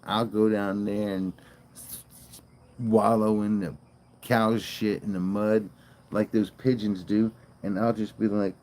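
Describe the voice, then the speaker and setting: A man's voice: lowish voice, level tone, measured pace, darkish tone. A man streaming live, rambling and joking in casual chat and swearing freely.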